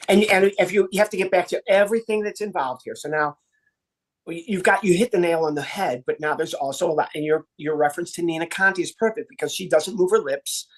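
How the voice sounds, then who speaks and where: An American man in his sixties, a ventriloquist guest on a podcast interview, teaching in an animated, demonstrative way. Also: high-pitched, fast. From United States. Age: 60s. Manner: animated, demonstrative teaching, acts out little voices.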